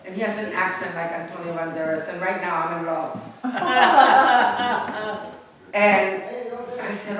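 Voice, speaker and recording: A woman's voice: mid-range voice, slow, long pauses. Older woman from Puerto Rico, chatty, echoey crowd. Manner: chatty, digressive, laughs as she talks. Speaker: guest telling a story at a memorial gathering. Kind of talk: casual anecdote to a group. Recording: echoey room, far from mic, loud crowd.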